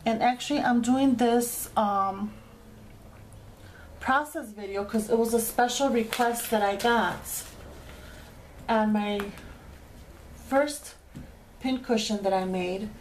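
A woman's voice: on the high side, slow pace, long pauses, a little hiss or hum. A woman hosting a craft tutorial, chatting casually as she explains each sewing step with frequent fillers.

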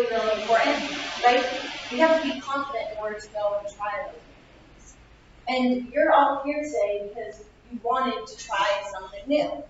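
A woman's voice: sits high, slight background noise. A woman in her twenties gives a chatty, upbeat, self-mocking motivational speech in a classroom. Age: 20s. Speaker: opening speaker. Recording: echoey lo-fi room recording from far off.

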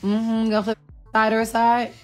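A middle-aged woman in casual chat to camera, relaxed and slangy, bantering playfully with her daughter. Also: on the high side, a little slow, faint music behind. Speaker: vlogger and mother.

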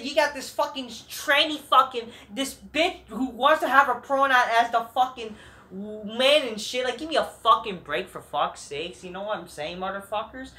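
A woman's voice: fairly high pitch, moderate pace, sharp tone. A woman reviewing wrestling shows in an angry, profane, rambling rant full of restarts. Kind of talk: ranting commentary.

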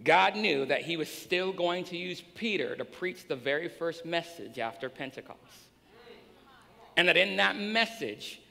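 A male pastor preaching a sermon in a church, swinging between hushed and shouting. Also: a little high, vocal fry. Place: church sanctuary. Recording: long hall reverb.

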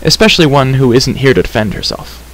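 A man's voice: medium pitch, fast talker, fairly bright tone, natural voice, poor audio. A man voicing a chatty wandering bard who talks in a flowery, apologetic way, in a storybook reading. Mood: earnest. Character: chatty wandering male bard, flustered and wordy.

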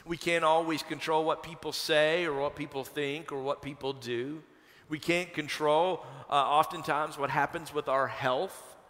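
A man from Kentucky, a pastor, preaching a sermon and telling a personal story in a conversational, animated way. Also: fairly high pitch, measured pace. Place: church sanctuary. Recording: long hall reverb from a church sanctuary.

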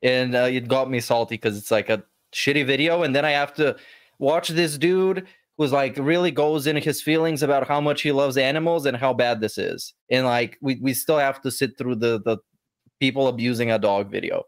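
A man's voice: mid-range voice, moderate pace, dry recording. A man co-hosting a podcast in casual chat, critical and swearing as he talks. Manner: critical, deadpan listing with profanity.

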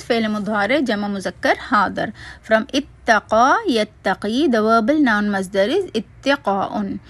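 A woman's voice: a little high, no echo. A woman teacher reading a word-by-word grammar lesson, methodically spelling out root letters and terms.

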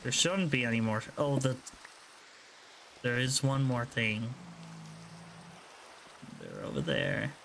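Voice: medium pitch, measured pace, long pauses, background noise. A gaming video creator giving casual gameplay commentary, jittery and repeating phrases over and over when flustered, with nervous laughs.

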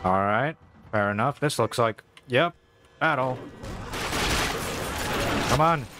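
Slow, laid-back gaming host. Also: male voice, medium pitch, lively intonation, noisy background. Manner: laid-back, joking, reads on-screen tips aloud. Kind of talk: casual game commentary. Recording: voice over loud game music.

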